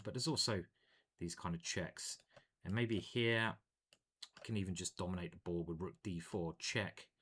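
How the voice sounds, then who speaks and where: A man commentating his own online chess games live, thinking aloud in a playful, animated way. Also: low voice.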